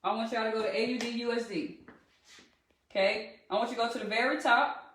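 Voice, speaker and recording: A woman's voice: fairly high pitch, steady tone, a little fast, a bit bright, slight background noise. A woman with a Southern US accent teaches a live-streamed trading lesson, calling out to viewers as y'all in a chatty, rallying way. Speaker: trading instructor. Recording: echoey room, distant from the mic.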